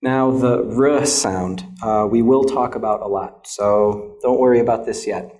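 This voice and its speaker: A young American man leads a pronunciation lesson at an unhurried, measured pace. His voice is mellow and warm. He keeps checking on his students with a patient "okay?" after each point. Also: mid-range voice. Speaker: English pronunciation teacher.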